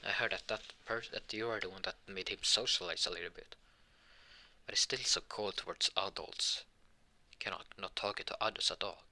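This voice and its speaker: A man's voice: low-pitched, steady tone, moderate pace, bright, forceful tone, heavily acted. A man doing a teasing, doting mother. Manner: teasing, prying questions. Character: doting mother, adult woman, teasing and warm.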